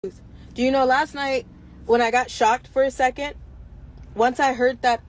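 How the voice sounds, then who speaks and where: A woman's voice: high voice, fairly even intonation, a little slow. A woman talking earnestly to her viewers on a stream, in a pleading tone.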